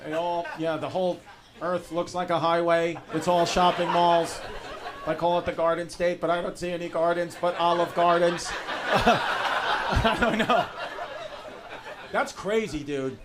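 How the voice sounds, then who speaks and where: A man's voice: high voice, measured pace, pauses often. A young man doing loose, profane stand-up crowd work, laughing through his riffs on a club stage. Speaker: stand-up comedian. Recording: noisy live club recording.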